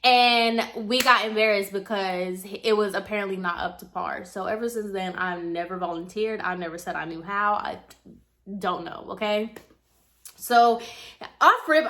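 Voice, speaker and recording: A woman's voice: mid-range voice, moderate pace, sharp tone. A young adult woman vlogger retelling a personal story in casual, chatty storytime style, with many fillers.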